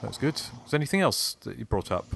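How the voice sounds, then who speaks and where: A man's voice: mid-range voice, sing-song, fast, creaky, a bit bright, slight background noise. A man hosting a podcast, chatting casually and reading listener emails aloud. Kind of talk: casual chat.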